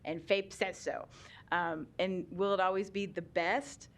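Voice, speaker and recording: A woman's voice: on the low side, fairly even intonation, measured pace, gravelly, a bit bright. Chatty, laughing woman explaining law. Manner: chatty, laughs often, many ums. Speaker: guest presenter on special education law. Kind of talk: explanatory talk at a public meeting.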